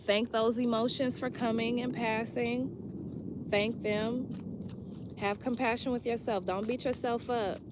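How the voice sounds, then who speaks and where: A woman's voice: mid-range voice, a little hiss or hum, rough recording. A woman giving a casual weekly tarot reading, blunt, profane and emphatic, repeating her points straight to the viewer. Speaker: tarot reader.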